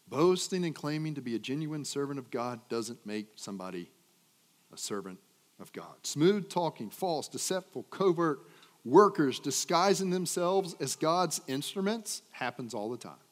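A man preaching a sermon with dynamic delivery, swinging from loud emphatic peaks to low trailing phrase ends. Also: lively intonation, normal speed. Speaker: pastor. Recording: long hall reverb.

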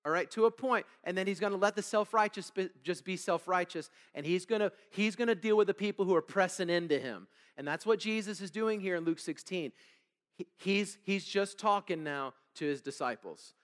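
A man's voice: sits high, brisk. A male pastor preaching a conversational sermon, reading scripture and checking in with the congregation with "okay?" and "all right?". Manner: reads scripture aloud and asks the congregation to fill in words. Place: church sanctuary. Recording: long hall reverb.

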